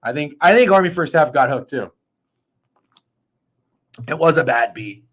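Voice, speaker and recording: Excitable, foul-mouthed man hosting a betting show. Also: on the high side, unhurried. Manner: excitable, profane and rambling. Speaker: sports betting show host. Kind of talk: casual sports betting chat.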